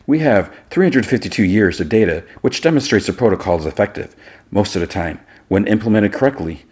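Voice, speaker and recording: A man reading the lines of a calm, controlling male computer in a measured, clinical way. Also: fairly low pitch, breathy edge.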